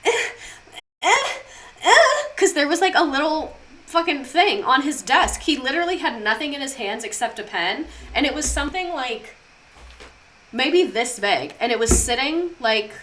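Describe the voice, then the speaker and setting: A young woman talks casually on a live stream, with a fairly high, very bright voice. She swears often and slides off topic into chatty tangents. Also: lively intonation, moderate pace, slight background noise.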